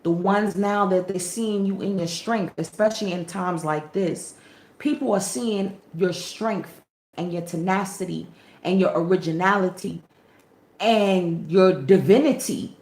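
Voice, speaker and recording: A woman spiritual reader in casual chat to camera, animated and slangy, with preachy asides. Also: fairly low pitch, measured pace. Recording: echoey room.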